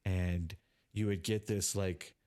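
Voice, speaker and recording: A man's voice: low-pitched, fairly even intonation, slow, a little mellow. A man co-hosting a casual podcast chat, rambling and restarting his sentences often. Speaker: podcast co-host.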